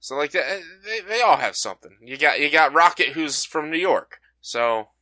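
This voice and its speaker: A man's voice: on the high side, animated, normal speed, bright, forceful tone, no echo. A young man co-hosting a podcast in casual chat, blunt and swearing freely. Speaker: podcast co-host.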